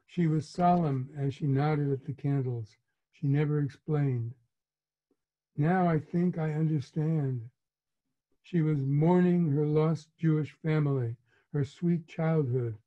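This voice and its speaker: A man in his eighties, an author reading his memoir aloud in a measured, reflective way. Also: a little high. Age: 80s. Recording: muffled lo-fi recording.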